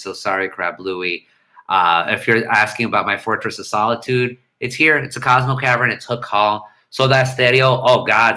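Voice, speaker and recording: A middle-aged man chatting loosely on a home livestream, reading out comments as they come. His voice is bright and forward. He wanders between thoughts and breaks into hummed, scatted bits of melody. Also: medium pitch. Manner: rambling, hums and scats melodies. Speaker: livestream host. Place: home room.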